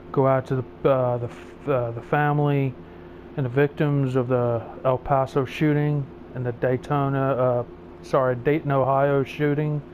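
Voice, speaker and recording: A man's voice: medium pitch, narrow, tinny audio, a little hiss or hum. A man hosting a gaming channel, ranting angrily and swearing heavily. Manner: profane, angry, swearing heavily. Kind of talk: angry rant over gameplay.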